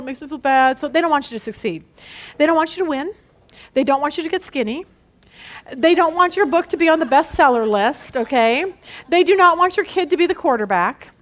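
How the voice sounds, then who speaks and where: Bible study leader, middle-aged woman, high bright voice, animated, laughs at herself. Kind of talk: lively Bible study teaching.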